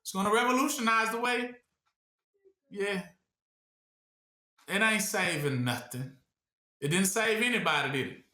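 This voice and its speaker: High, bright-voiced man teaching scripture. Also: unhurried, long pauses. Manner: asks rhetorical questions for the listeners to finish; conversational, repetitive preaching. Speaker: Bible teacher. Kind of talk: call-and-response Bible teaching. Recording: roomy echo.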